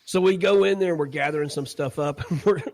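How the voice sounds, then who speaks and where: A man co-hosting a podcast, telling a crude story in a casual, animated way and laughing often. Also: fairly high pitch, a little fast, dry recording. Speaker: podcast co-host.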